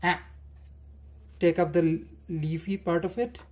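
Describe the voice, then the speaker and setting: A woman's voice: fairly low pitch, steady tone, slow pace, darkish tone. A woman hosting a cooking livestream, chatting playfully and chanting silly sing-song phrases as she cooks.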